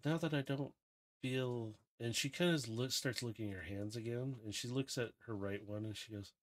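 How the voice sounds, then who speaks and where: Male game master, casual storyteller, relaxed descriptive narration. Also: medium pitch, moderate pace. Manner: relaxed, descriptive, loose phrasing.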